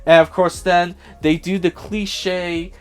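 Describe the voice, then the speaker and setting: A man's voice: high-pitched, little pitch movement, slow pace, clean tone. A man giving a casual spoiler review of a film, sarcastic and profane, often mimicking the characters in a raised voice.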